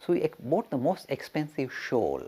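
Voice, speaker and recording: A man giving a storytelling lecture as a religious teacher, animated and chuckling, with rhetorical questions. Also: a little high, normal speed, breathy edge.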